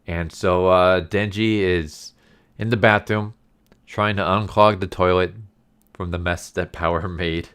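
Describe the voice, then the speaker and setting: A man with a low, smooth voice talks through an anime episode in a loose, chatty way. He rambles, says "like" constantly and sounds easily amused. The feel is an offhand video review. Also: steady tone, unhurried, a bit bright. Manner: chatty and rambling, heavy use of "like". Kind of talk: casual episode recap and review.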